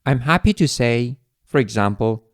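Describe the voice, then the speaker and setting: A man teaching an English lesson, explaining phrases in a clear, deliberate way. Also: mid-range voice, expressive, dry recording, studio quality. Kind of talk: scripted language lesson.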